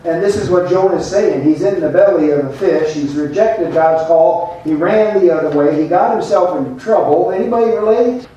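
A man's voice: sits high, normal speed, few pauses, warm tone, highs cut off. A man preaching a sermon as pastor, folksy and conversational, with asides to the congregation. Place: church sanctuary. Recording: echoey church from a distant mic.

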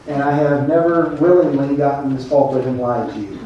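A man's voice: medium pitch, brisk, muffled recording, a little hiss or hum. A man preaching a sermon as pastor, folksy and conversational, with asides to the congregation. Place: church sanctuary. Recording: echoey church from a distant mic.

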